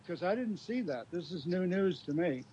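A husky man on talk radio, measured and asking questions. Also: high-pitched, lively intonation, mellow, lo-fi sound.

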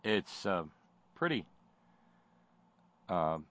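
A man's voice: deep voice, very animated, extremely slow, fairly bright tone. A man giving sardonic spoken commentary, mocking and rambling with many fillers and false starts.

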